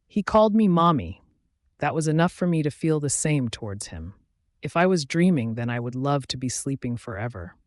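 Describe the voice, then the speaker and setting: A man voicing a soft-spoken scarred young woman. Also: mid-range voice, sing-song, normal speed, no echo, studio quality, close to an everyday voice. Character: scarred young woman, a gentle, grateful werewolf mate. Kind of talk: audiobook narration.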